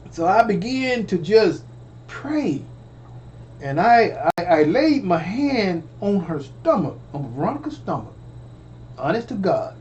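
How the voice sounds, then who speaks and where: A man's voice: sits high, sing-song, unhurried, darkish tone, muffled recording, a little hiss or hum. A man telling a personal story in a casual way, stammering, repeating phrases and calling out to his listeners. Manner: stammering, repetitive, addresses audience directly. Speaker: storyteller vlogger.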